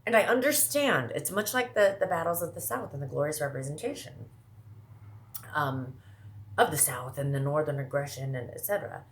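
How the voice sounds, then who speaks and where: A woman from the American Midwest talking casually to her viewers, rambling fast with lots of asides and self-interruptions. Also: low-pitched, animated, slight background noise. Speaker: vlogger. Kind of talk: casual monologue to camera.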